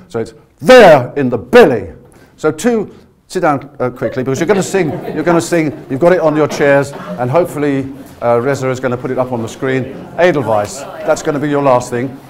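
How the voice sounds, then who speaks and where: A man leading a voice workshop, coaching a live audience through breathing exercises in an energetic, encouraging way. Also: medium pitch, fairly quick, a crowd in the background. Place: conference room with a live audience. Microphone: no handheld mic, projecting to the room.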